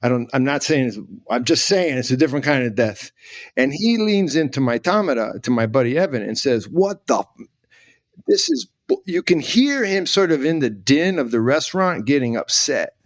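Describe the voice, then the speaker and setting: A middle-aged man guesting on a podcast tells a story in a very animated, medium-pitched voice at normal speed. He's emphatic, repeating words for emphasis and growing emotional at times. The studio sound is clean and free of echo.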